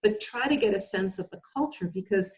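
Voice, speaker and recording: A woman's voice: mid-range voice, a little fast, a little mellow. A woman speaking as a guest expert in a webinar over a video call, explaining in a conversational way with frequent fillers.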